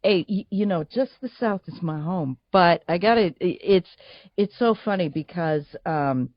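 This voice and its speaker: A woman's voice: on the low side, lively intonation, normal speed, no room sound, highs cut off. A woman from Boston, guest voice actor, talking in a chatty, laughing way with many restarts. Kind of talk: casual interview chat.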